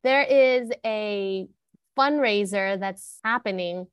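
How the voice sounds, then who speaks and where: A woman in her thirties chatting casually as a podcast co-host, animated and giggly, often trailing off mid-sentence. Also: mid-range voice, slow, smooth, no room sound. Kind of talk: casual chat.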